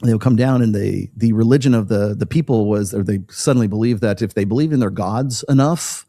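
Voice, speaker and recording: A man's voice: on the low side, a little fast, mellow, no echo, clean studio sound. A man hosting a casual commentary show, rambling with many restarts and laughing as he reacts to a video clip.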